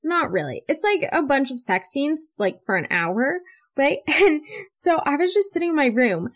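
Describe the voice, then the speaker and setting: A teenage girl hosting a casual podcast, telling stories in an animated, chatty way full of "like" fillers. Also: high-pitched, moderate pace. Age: teens. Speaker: podcast host. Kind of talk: casual chat.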